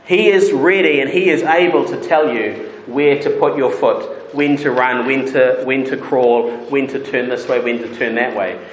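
A man's voice: medium pitch, moderate pace, few pauses, echoey room, slight background noise, low-quality recording. A male preacher giving a sermon, explaining a point plainly and then building to rising, insistent rhetorical questions.

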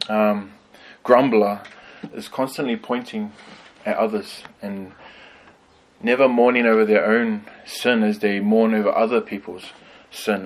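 A man teaching a conversational Bible study, thoughtful and pausing with frequent ums. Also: lowish voice, rough recording.

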